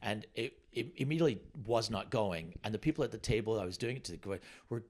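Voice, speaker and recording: A middle-aged man, a comedian, telling an animated anecdote, halting and restarting as he goes. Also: lowish voice. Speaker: comedian guest. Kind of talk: storytelling anecdote on a podcast.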